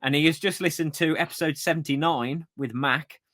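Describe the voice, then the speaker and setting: A man's voice: a little high, fairly even intonation, fairly quick, pushed and bright. A man co-hosting a running podcast, easygoing and agreeable, reading listener comments. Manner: easygoing, agreeable, frequent yeahs. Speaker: podcast co-host.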